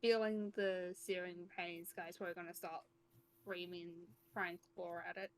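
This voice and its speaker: A woman's voice: lowish voice, flat delivery, normal speed, slight background noise. A woman playing a tabletop game, casually describing what her character does. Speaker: player.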